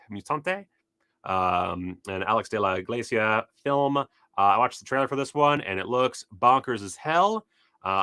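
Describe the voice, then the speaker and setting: A man giving rambling, excitable, profane commentary as he browses film releases, often losing his train of thought. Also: lowish voice, smooth, dry recording. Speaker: cult film video host. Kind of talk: casual unscripted browsing commentary.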